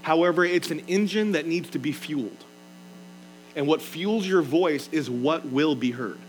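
A man's voice: a little high, moderate pace, soft background music, poor audio. A man preaching a sermon in an earnest, emphatic way, reading scripture aloud and explaining it. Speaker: pastor.

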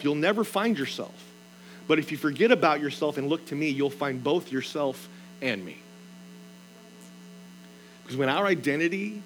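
A man's voice: fairly high pitch, poor audio. A man preaching a sermon in an earnest, emphatic way, reading scripture aloud and explaining it. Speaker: pastor.

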